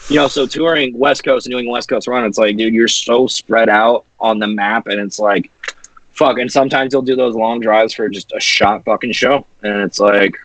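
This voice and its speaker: A laid-back man from Washington State chatting as a guest on an interview show. He talks loosely and swears freely, at an ordinary middle pitch with an easy, unhurried flow. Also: steady tone, fairly bright tone, rough recording. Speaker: guest musician. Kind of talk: casual chat.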